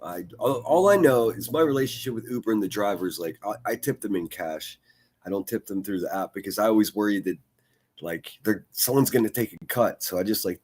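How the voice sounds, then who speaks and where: Husky low-voiced man rambling over news. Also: a little mellow. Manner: rambling, repeats words, swears casually. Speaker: host of a daily news livestream. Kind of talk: casual commentary over news clips.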